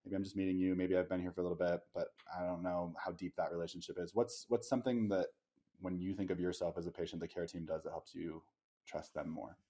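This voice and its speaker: A man hosting a casual podcast conversation in a somewhat low voice. He asks questions in a reflective, encouraging way, often pausing on fillers. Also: level tone, warm tone. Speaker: podcast host.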